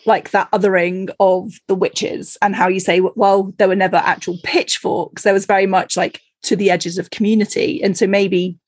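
Chatty woman podcast host, husky. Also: mid-range voice, little pitch movement, normal speed, few pauses, darkish tone, no room sound. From Cornwall, England. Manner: chatty, laughs often, many fillers. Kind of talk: casual conversational interview.

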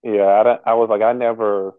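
A man speaking as a podcast guest in a candid personal conversation, halting and earnest, with many pauses and restarts. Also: lowish voice, little pitch movement, clear, resonant tone, no echo. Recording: tinny phone-like line, dry.

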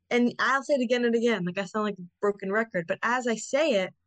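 A woman's voice: fairly high pitch, fast talker, hardly any pauses, no echo. A middle-aged woman guest on a parenting podcast, explaining in an earnest, hands-on way. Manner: earnest, explanatory, often acts out what parents say to kids. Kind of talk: podcast interview.

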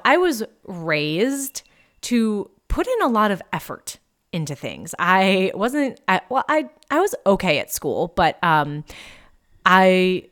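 A woman's voice: on the low side, a bit bright. A woman in her thirties, a coach talking casually and candidly on her podcast, with lots of fillers and the odd swear.

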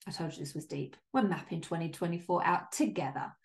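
A woman's voice: fairly low pitch, a little fast, gravelly. A woman hosting a solo business podcast, talking in an upbeat, emphatic way, with casual swearing and lots of "like". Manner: chatty with frequent "like" and laughs. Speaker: podcast host and business coach.

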